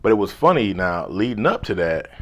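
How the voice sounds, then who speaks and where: A man, a life coach, telling a personal story in a laid-back, slangy way, now and then dropping to a hushed whisper. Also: lowish voice, sing-song, brisk. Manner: drops to a hushed whisper when replaying his inner thoughts.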